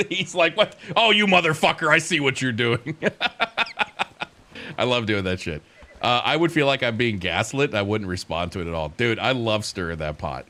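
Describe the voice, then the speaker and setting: A young man streams while gaming, chatting casually, rambling and swearing, laughing at his own stories. His voice is low, pushed and bright.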